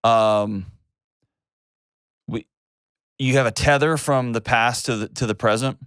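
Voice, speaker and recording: A man's voice: medium pitch, measured pace, a bit bright, smooth, no echo, clean studio sound. Direct, reassuring male advice host. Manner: direct, reassuring, interrupts to steer. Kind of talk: call-in advice show.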